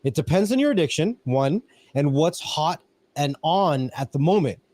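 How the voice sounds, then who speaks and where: A man's voice: fairly high pitch, animated, moderate pace, a little mellow. A man co-hosting a casual live-streamed podcast, talkative and often ending his points with a question for agreement. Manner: talkative, ends points with "right?". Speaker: podcast co-host.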